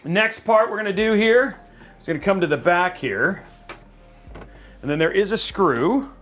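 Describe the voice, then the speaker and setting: A chatty, upbeat man hosts a live stream from a studio. He talks loosely and cheerfully in a fairly high voice and rambles as he goes. Soft music sits faintly behind him. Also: animated, unhurried. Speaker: livestream host building a PC. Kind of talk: casual live-stream chat.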